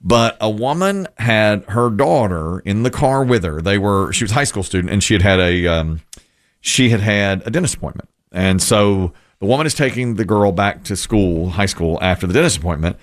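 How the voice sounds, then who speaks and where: Lively storytelling male radio host. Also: on the low side, moderate pace. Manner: storytelling, animated, laughs often. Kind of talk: casual radio chat.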